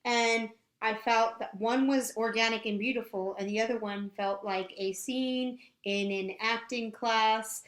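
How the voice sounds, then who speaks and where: A woman's voice: on the high side, fairly even intonation, unhurried, hardly any pauses, reverberant. A woman co-hosting a TV review podcast, leading the discussion in a thoughtful, casual way. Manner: thoughtful, hesitant restarts, leads the topics. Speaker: podcast co-host.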